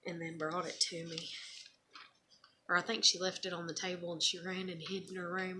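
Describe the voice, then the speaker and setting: A woman's voice: lowish voice, flat delivery, a little fast, bright, forceful tone, a little hiss or hum. A woman talking casually on her own video, frank and rambling, full of "you know" and "like", sometimes swearing. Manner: swears when frustrated. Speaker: mother sharing keepsakes on video. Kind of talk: casual personal vlog.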